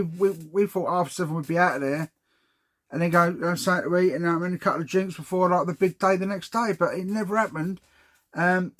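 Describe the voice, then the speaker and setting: Rambling, animated man telling a story. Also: high-pitched. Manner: rambling, animated, swears, keeps saying guys. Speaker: toy seller and vlogger. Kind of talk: casual vlog storytelling.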